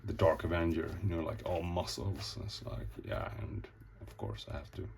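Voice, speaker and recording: A man's voice: deep voice, steady tone, normal speed, creaky, a little mellow, slight background noise. A man casually showing off his comic pages, rambling, swearing often and acting out the scenes as he goes. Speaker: comic artist. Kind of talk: casual show-and-tell.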